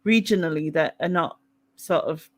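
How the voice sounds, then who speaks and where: A woman hosting a casual live stream talks at normal speed in a voice that sits low. Her accent is Mackem, from Sunderland in North East England, and she frequently laughs while reading out comments from viewers.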